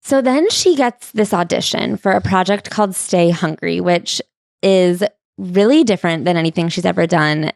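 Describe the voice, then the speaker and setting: A woman co-hosting a podcast, recapping a memoir's story in a steady, matter-of-fact way. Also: on the low side, moderate pace, vocal fry, dry recording, studio quality. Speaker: podcast co-host. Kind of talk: casual book club chat.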